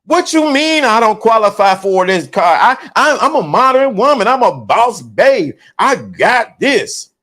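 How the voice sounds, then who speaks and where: A man voicing an excited young woman car buyer who brags and squeals. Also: high-pitched, unhurried, few pauses, full character voice. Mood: indignant. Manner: squealing, bragging, giddy.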